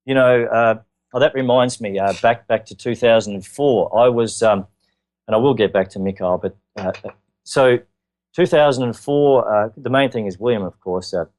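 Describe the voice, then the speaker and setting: An Australian man, appearing as an interview guest, tells his own story earnestly and haltingly, using many filler words. His voice is medium-pitched and a little mellow.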